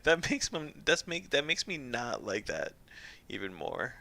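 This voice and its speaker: Bright-voiced joking male streamer. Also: mid-range voice, big pitch swings, measured pace, creaky. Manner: chatty, joking, laughs often. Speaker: streamer playing a game. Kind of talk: casual let's-play commentary.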